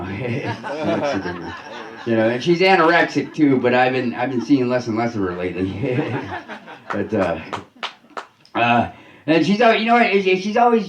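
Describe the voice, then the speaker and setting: Halting deadpan male stand-up comic. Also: mid-range voice, echoey room, dull audio. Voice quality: halting delivery with many restarts and "uh"s. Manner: deadpan one-liners, laughing at his own jokes. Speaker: stand-up comedian. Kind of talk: stand-up comedy set. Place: comedy club stage.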